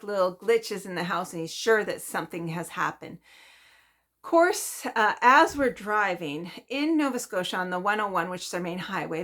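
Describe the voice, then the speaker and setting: A woman vlogger tells a story in a chatty, animated way and laughs often. Her voice is bright and sits at a middle pitch. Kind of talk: casual storytelling.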